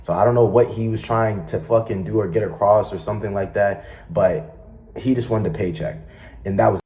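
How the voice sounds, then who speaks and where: A man with a deep, dark-toned voice explains himself to the camera. He rambles and restarts in a halting, reflective way. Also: slight background noise. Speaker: content creator responding to allegations.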